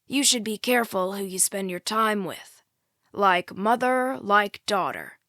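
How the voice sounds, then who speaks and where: A woman's voice: medium pitch, animated, measured pace, sharp tone, no room sound, clean studio sound. A woman voicing a middle-aged male small-town sheriff who speaks in a suspicious, insinuating way, in an audiobook.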